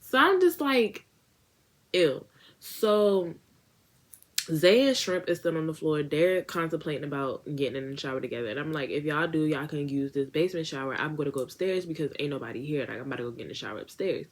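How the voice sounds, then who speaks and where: Low-voiced young woman telling a story. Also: a little fast. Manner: animated casual storytelling with slang. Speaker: beauty vlogger. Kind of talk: storytime vlog.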